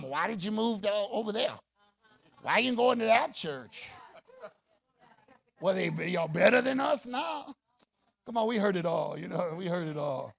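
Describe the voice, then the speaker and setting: Gravelly, husky preaching man. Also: very high voice. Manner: rousing call-and-response preaching, rising to shouts. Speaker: pastor. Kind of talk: sermon.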